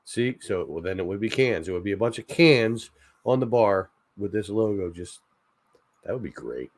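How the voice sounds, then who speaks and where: A man's voice: fairly low pitch, animated, normal speed, no room sound. A man hosting a casual late-night chat stream, rambling and joking, often laughing at his own ideas. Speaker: channel host.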